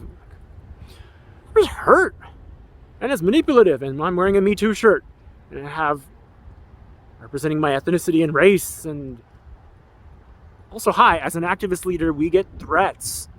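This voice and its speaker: A man in his forties, an activist, delivering an emotional, rambling personal documentary monologue with an aggrieved tone. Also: a little high. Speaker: activist and filmmaker.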